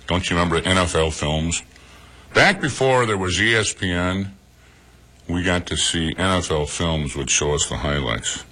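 A man with a low, husky voice and a forceful edge reads the sports news on a morning radio show. He speaks from a radio studio and drops his own chatty opinions between the scores. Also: moderate pace. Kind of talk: sports news read with casual commentary.

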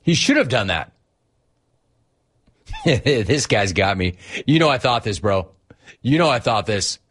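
A man hosting a sports talk show, teasing and animated, reading out chat and laughing often. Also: fairly low pitch, measured pace, slightly rough.

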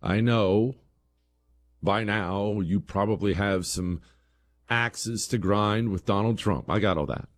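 A man hosts a talk radio show at a slow pace, delivering an emphatic monologue that rises to heated peaks and then drops low and quiet.

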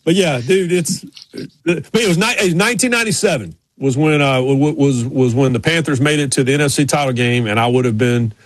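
Podcast co-host, middle-aged, rambling storyteller, slightly husky, dry close mic. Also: male voice, medium pitch, quick pace, few pauses, no room sound. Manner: rambling storyteller with many restarts. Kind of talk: casual chat.

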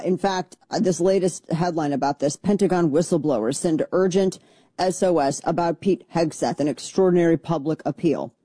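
Woman talk radio host, middle-aged, combative and sarcastic; low, mellow voice, dry studio sound. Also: no room sound. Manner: blunt, combative, sarcastic, mocking mimicry of opponents. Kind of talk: opinionated political talk radio.

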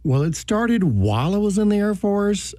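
A man's voice: high-pitched, very animated, moderate pace, dark tone, no echo, studio quality. A middle-aged man and Air Force veteran, answering politely as a guest in a radio interview. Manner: polite, plain-spoken, answers with "yes, sir".

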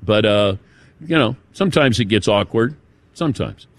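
A man's voice: fairly low pitch, lively intonation, normal speed, no room sound. A man hosting a sports talk radio show, telling stories and laughing easily as he passes the talk to his co-hosts. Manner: storytelling, laughs easily, hands off to co-hosts by name. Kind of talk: casual radio show banter.

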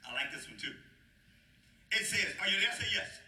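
A man's voice: high voice, moderate pace. A man preaching a sermon as pastor, calling on his congregation to answer, laughing often. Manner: lively call-and-response preaching with frequent laughter. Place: church sanctuary. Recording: echoey room, mic at a distance.

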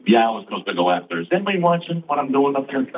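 A man doing stand-up comedy on stage, bantering quickly and playfully with the crowd. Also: mid-range voice, very animated, noisy background. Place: stage before a live audience. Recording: tinny far-off stage recording with music.

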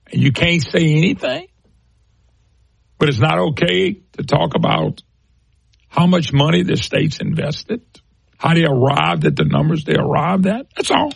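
A man's voice: high-pitched, gravelly, husky, no room sound, rough recording. A man hosting a talk show, giving emphatic, folksy commentary and speaking to listeners as folks.

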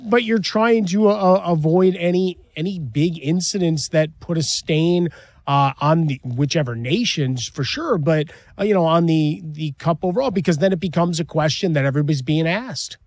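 A man's voice: fairly high pitch, normal speed, a little mellow, no room sound. A man co-hosting sports talk radio, rambling through his points with many fillers.

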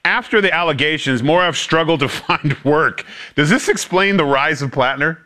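A man hosting a talk show, reading out the next story and teasing his guests. His voice is bright and edged, a little higher than most men's. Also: moderate pace. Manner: wry, teasing. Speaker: host.

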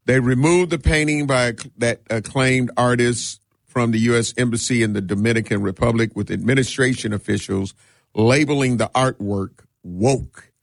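A man filling in as radio host, talking casually and animatedly, with quick laughs and mock voices. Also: medium pitch, steady tone, vocal fry, no echo, studio quality.

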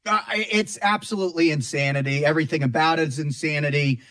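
A middle-aged man talking as a guest in a casual interview, heartfelt and reflective, often pausing and restarting. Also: fairly high pitch, a bit bright.

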